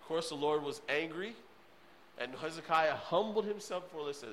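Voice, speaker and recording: A man preaching a sermon with emphatic repetition, often checking in with the audience, swinging between loud bursts and hushed pleading. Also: a little high, lively intonation, a little fast, a little hiss or hum, poor audio. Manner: emphatic and repetitive, addresses the crowd with "okay?".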